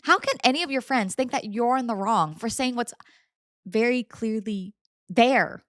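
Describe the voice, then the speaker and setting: A young adult woman hosting a podcast, reading stories aloud and reacting with animated, indignant, dramatic commentary. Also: fairly high pitch, moderate pace, no echo, studio quality. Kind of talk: casual story reading and commentary.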